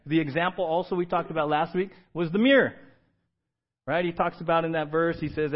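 High-voiced male pastor preaching. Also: fairly quick, highs cut off. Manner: conversational preaching with frequent "right?" to the congregation. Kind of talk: sermon.

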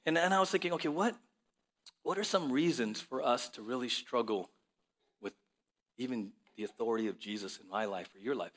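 Animated, bright-voiced male preacher. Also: mid-range voice, fairly quick. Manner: animated storytelling, frequent rhetorical "right?". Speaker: pastor. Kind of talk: sermon.

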